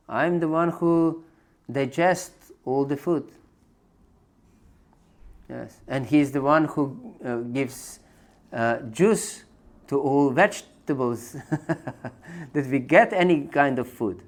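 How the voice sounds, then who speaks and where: A male spiritual teacher tells a scripture story at a very slow, unhurried pace. He pauses often with fillers and chuckles now and then, at a mid-range pitch.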